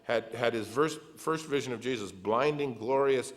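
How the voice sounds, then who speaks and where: A man's voice: medium pitch, normal speed. A middle-aged male pastor preaching a sermon, reading scripture aloud and adding earnest, conversational asides.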